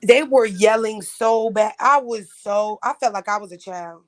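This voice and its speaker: A woman's voice: medium pitch, moderate pace. A young woman from Florida, chatting casually and bluntly about an audition with lots of slang and profanity. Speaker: audition contestant. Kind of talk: casual chat.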